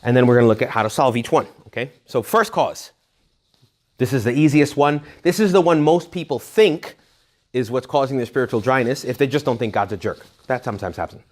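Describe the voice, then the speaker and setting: A man's voice: medium pitch, brisk, darkish tone. Joking, chatty male retreat speaker. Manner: conversational, joking asides, frequent check-ins with listeners. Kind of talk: informal talk to young adults. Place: retreat hall.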